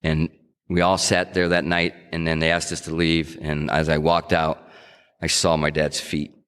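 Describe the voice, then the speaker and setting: Deep-voiced middle-aged man, echoey hall. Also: completely flat delivery, moderate pace, fairly bright tone, smooth. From New England. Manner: earnest, conversational storytelling with frequent restarts. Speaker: recovery meeting speaker. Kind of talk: personal testimony at a sobriety meeting.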